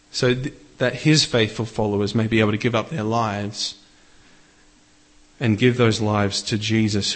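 A man preaching a sermon in an earnest way, lifting his voice when he reads scripture. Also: fairly low pitch. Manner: earnest, rises for scripture readings.

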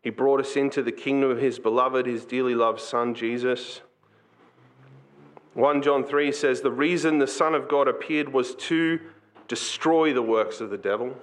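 A man preaching a sermon as pastor, earnest and conversational, slipping into quick acted asides. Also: mid-range voice, fairly even intonation.

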